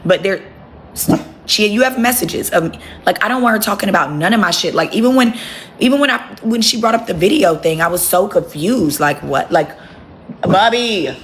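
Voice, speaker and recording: Lady on a phone livestream, low and gravelly, cussing and chatting to viewers, faint noise behind. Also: lively intonation, brisk. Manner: blunt, profane, talks to her dogs between remarks. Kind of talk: casual live chat with viewers.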